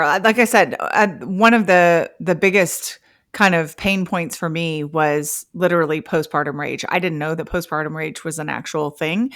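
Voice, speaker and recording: A woman's voice: on the low side, a bit bright. A woman hosting a podcast interview, chatting casually and affirming her guest. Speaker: podcast host.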